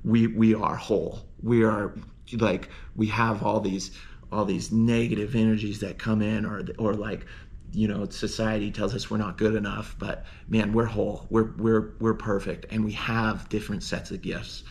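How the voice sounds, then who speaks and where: Gravelly-voiced man telling a heartfelt story. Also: lowish voice, level tone, moderate pace, darkish tone. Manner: earnest and rambling, heavy use of "like" and restarts; heartfelt, encouraging. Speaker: snowboarder sharing a personal story. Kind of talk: casual storytelling monologue.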